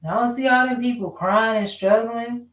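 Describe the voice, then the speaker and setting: A woman's voice: on the high side, steady tone, normal speed. A woman venting in a casual, rambling rant, frustrated and profane, full of rhetorical questions. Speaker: vlogger. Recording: echoey room.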